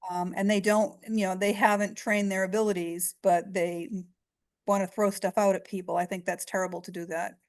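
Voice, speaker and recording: A middle-aged woman, a psychic medium, chattily recounting her early readings in an interview, hoarse and losing her voice. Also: medium pitch, level tone, moderate pace, darkish tone. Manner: chatty, retells exchanges with quoted voices. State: losing her voice, clearing throat. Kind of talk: storytelling in an interview.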